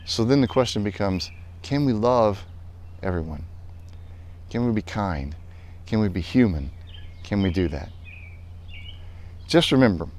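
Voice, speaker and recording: A male pastor telling a personal story in a lively way, then turning earnest and reflective as he draws a lesson. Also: sits low. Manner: animated storytelling, later calm and earnest. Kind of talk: storytelling devotional talk.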